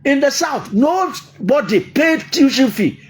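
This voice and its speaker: Middle-aged Ghanaian man, political speaker, high voice that swings wide, bursts into shouts. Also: takes it slowly. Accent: Ghanaian English. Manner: animated, rising to shouts, frequent hesitations. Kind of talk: impassioned political talk.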